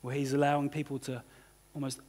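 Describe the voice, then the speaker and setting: A man's voice: mid-range voice, completely flat delivery, brisk, a little mellow. A man preaching a sermon as pastor, talking in a loose conversational way full of "you know" and "kind of". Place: church hall. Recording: church hall reverb.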